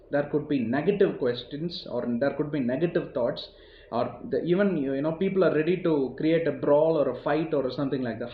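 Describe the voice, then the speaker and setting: A man's voice: a little high, a little hiss or hum. Rambling Indian man giving a motivational talk. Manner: rambling, conversational, heavy use of "you know" and repetition. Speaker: motivational speaker. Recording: roomy, dull lo-fi recording.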